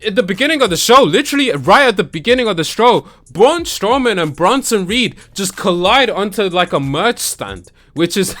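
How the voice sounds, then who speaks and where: A young man recapping wrestling shows in a casual vlog, excitable and slangy, laughing often and mimicking the wrestlers. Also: high-pitched, moderate pace, hardly any pauses, faint music behind. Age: young adult. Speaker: wrestling YouTuber. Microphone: camera that tracks him.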